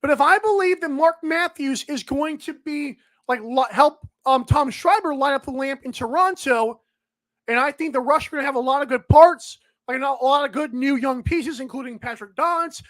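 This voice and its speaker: A woman's voice: high voice, moderate pace. A woman hosting a sports betting podcast, rambling casually and talking straight to the players she discusses.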